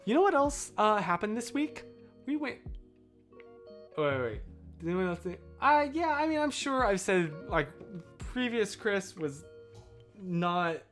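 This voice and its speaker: Animated rambling male streamer. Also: high voice, a little slow, pauses often, soft background music. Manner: rambling, animated, self-interrupting. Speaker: livestreamer. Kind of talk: casual livestream chat. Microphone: boom mic out of shot.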